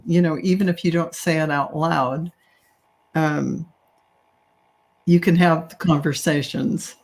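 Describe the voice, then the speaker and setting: A woman speaking as a psychic medium, relaying spirit messages slowly and with care. Her voice has a gravelly, creaky edge, and she stays gentle and reassuring. She often pauses on soft fillers as she talks. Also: low-pitched, fairly even intonation.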